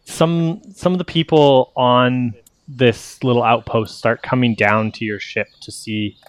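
A man's voice: medium pitch, fairly even intonation, a little slow, dry recording. A man narrating as game master, rambling and correcting himself as he explains the scene.

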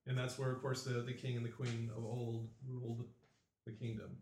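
A man running a tabletop game, narrating scenes and calling for dice rolls in a relaxed, easygoing manner. His voice sits in an ordinary mid range, and the recording has a roomy echo. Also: medium pitch, normal speed, distant mic, a little hiss or hum. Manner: relaxed, with fillers and restarts while describing. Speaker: game master.

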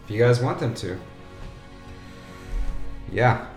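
A man's voice: mid-range voice, lively intonation, slow. A man narrating as game master in a casual, rambling way. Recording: echoey room with loud music.

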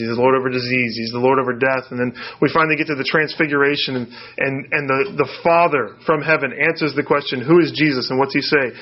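A man from the United States preaching a conversational sermon, asking rhetorical questions and often restarting his sentences. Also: mid-range voice. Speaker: pastor. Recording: dull lo-fi sound.

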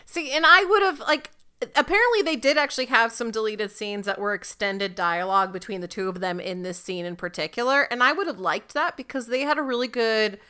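A woman co-hosting a podcast, calmly explaining her reading of a TV episode in casual chat. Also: fairly high pitch, a little fast, clean tone. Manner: thoughtful, explains her view at length. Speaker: podcast co-host. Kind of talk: casual chat recapping a TV show.

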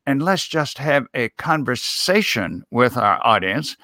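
A man's voice: mid-range voice, very animated, a little slow, pushed and bright, no room sound, studio quality. A man who works as a speech coach, answering interview questions in a folksy, emphatic way with the odd chuckle. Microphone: video call.

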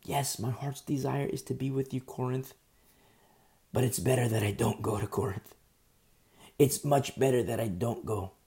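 Guy preaching, gravelly low-key voice, dark tone, chatty storytelling vibe. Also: normal speed, long pauses. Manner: animated, conversational retelling with asides. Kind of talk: storytelling sermon.

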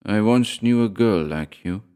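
Male reader doing a charming, cold nobleman, soft and smooth, low voice. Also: very animated, a little slow. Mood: suave. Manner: smooth, polite, soft-spoken.

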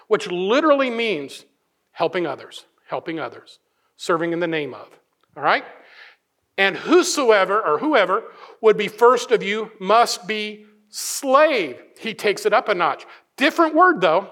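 A middle-aged male pastor preaching a sermon, acting out voices and swinging from hushed asides to loud emphatic points. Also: high-pitched, a little slow. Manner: animated, acts out voices, many restarts.

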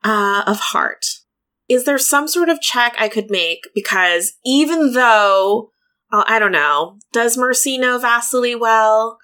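A woman's voice: on the high side, slow, bright, forceful tone. A woman playing a tabletop game, hesitant and thinking aloud as she narrates her character. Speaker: player. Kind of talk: tabletop role-play.

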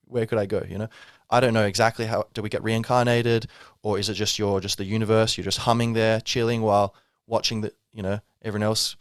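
A man's voice: lowish voice, level tone, fairly quick, few pauses, clean tone, no room sound, clean studio sound. A man hosting a podcast, musing in a casual, rambling way with wry asides. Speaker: podcast host. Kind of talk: reflective spiritual monologue.

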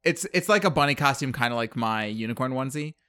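A man's voice: mid-range voice, lively intonation, quick pace, a bit bright, clean tone, dry recording. Man, casual movie recap, rambling with fillers, dry close sound. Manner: rambling, filler-heavy storytelling with acted quotes. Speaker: podcast co-host.

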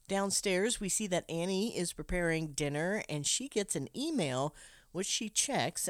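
Low-voiced woman recapping a film. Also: no echo, studio quality. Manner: wry, laughs often, breaks into asides. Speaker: podcast co-host recapping a film. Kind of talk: casual chat and plot recap.

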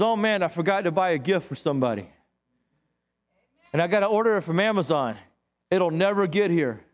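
A middle-aged man, a pastor, preaching a sermon in a church with lively, joking storytelling. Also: high-pitched.

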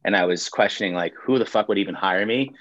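A laid-back man with a very low voice tells his story in relaxed, casual chat. He swears freely and acts out what people said. The recording sounds a little dull and lo-fi. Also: fast, dry recording. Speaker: pizzeria owner.

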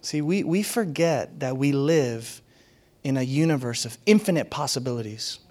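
A man's voice: medium pitch, lively intonation, normal speed, a little mellow. A man preaching a sermon as a pastor, in a conversational and playful way, often laughing and acting out what others said.

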